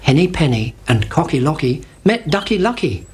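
A narrator reading a children's fairy tale in a steady, lively manner. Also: medium pitch, normal speed. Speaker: storyteller. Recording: noisy background.

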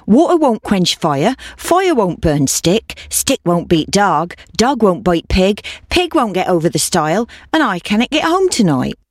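A woman's voice: mid-range voice, very animated, unhurried, hardly any pauses, no echo, clean studio sound. A woman voicing an old woman who begs animals and things to help her get home, in a singsong, repetitive way. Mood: pleading. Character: fussy old woman stuck with a stubborn pig.

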